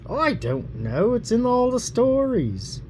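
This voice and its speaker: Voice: mid-range voice, wildly swooping pitch, unhurried, a little mellow, slight background noise. An adult reading a fairy tale aloud to a child at home, in a playful, teasing storytelling manner. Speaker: bedtime story reader.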